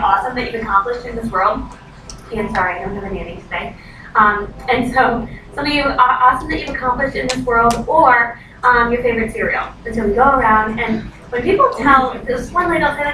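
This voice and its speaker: A woman in her thirties, a direct sales consultant, giving a chatty training talk and acting out quoted voices. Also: on the high side. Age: 30s. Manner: chatty, acts out quoted voices, says "like" often. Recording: echoey, noisy room from far off.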